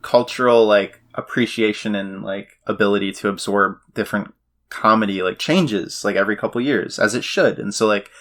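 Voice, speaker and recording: Low-voiced man in relaxed podcast chat. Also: normal speed. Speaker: podcast co-host. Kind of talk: casual chat.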